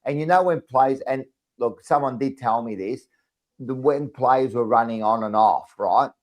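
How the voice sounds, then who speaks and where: A man's voice: mid-range voice, measured pace, muffled recording. Man, Australian accent, co-host, casual sports chat, emphatic, repetitive. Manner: emphatic, repeats phrases and tags lines with 'mate'. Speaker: podcast co-host.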